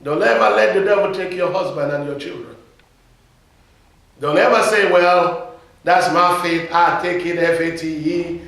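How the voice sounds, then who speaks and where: A man's voice: fairly high pitch, fairly even intonation, normal speed, creaky, hardly any pauses, fairly bright tone. Emphatic male preacher in an echoey hall. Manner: emphatic call-and-response preaching. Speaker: pastor. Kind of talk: sermon. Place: church. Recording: echoey hall, mic from far off.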